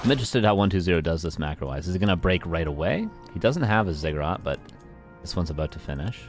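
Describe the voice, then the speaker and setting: A man's voice: low voice, lively intonation, quick pace. A man casting a live strategy game match, chatty, talking to his chat and laughing at himself. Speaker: esports caster. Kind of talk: live play-by-play game commentary. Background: game music and sound effects.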